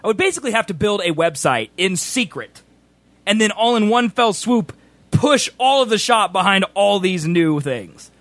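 Lively, high-voiced young male podcaster. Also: normal speed, dry recording. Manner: animated, laughs often, sing-song delivery. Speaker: podcast co-host. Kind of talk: casual chat.

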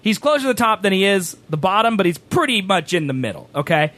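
A man telling a rambling story on a stream, animated, sometimes rising to a shout. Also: high voice, fast talker. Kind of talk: casual storytelling chat.

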